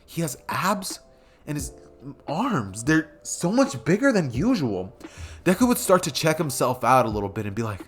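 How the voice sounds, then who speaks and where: A man's voice: medium pitch, expressive, normal speed, fairly bright tone. A man casually narrating a fan story, rambling and correcting himself as he goes.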